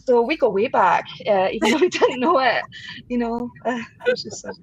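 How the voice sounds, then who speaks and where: A woman's voice: a little high, sing-song, a little fast. A woman guest musician in a casual interview, chatting with frequent laughs, fillers and restarts. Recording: dull lo-fi sound with faint background noise.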